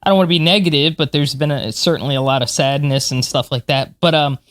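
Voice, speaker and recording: Speaking fast in a low voice, a woman in her forties keeps up an enthusiastic, chatty flow as a podcast co-host and space historian. The talk is casual, and she laughs frequently.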